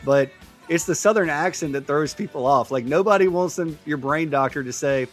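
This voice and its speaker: Higher-voiced easygoing male cohost. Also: moderate pace, soft background music. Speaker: sports show cohost. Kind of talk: casual sports talk.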